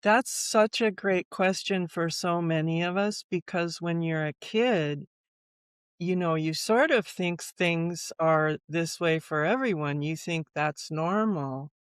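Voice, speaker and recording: Slow, smooth-voiced woman in her sixties. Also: fairly low pitch, no room sound, studio quality. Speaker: guest author. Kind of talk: reflective interview conversation.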